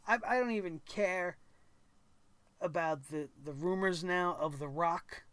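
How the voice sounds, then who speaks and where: A man hosts a wrestling reaction show and talks in an animated way, sometimes acting out the wrestlers' lines. His voice sits high for a man. The sound is dry and close, with no room echo. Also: a little slow, clean tone. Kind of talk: excited wrestling commentary.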